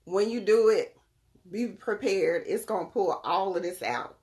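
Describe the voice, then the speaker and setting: A woman's voice: medium pitch, a little slow, a little mellow. A young woman hosting a casual live stream from home on her phone, chatting with viewers by name as she demonstrates her products. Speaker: live-stream host selling crystals and readings.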